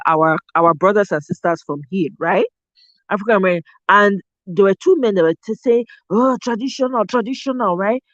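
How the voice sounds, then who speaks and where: A Nigerian-accented woman hosting a casual chat, animated and expressive, slipping into pidgin phrases. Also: mid-range voice, dry recording. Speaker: show host. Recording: dull lo-fi dry sound.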